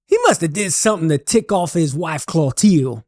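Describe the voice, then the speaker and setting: A man's voice: on the high side, animated, moderate pace, darkish tone, no room sound, studio quality, natural voice. A man voicing a Cajun man who hollers from his truck in folksy dialect. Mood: puzzled.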